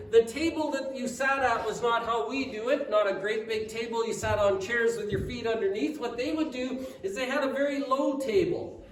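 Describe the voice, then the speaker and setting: Male pastor, sermon, very high voice, echoey sanctuary sound, voice a bit distant from the mic. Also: slight background noise. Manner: animated storytelling with rhetorical questions to the congregation.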